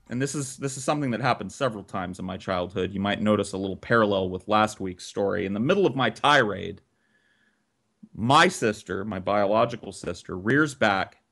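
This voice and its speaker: A man's voice: lowish voice, lively intonation, normal speed, fairly bright tone. A man telling a childhood story on a podcast in casual, profanity-laced chat.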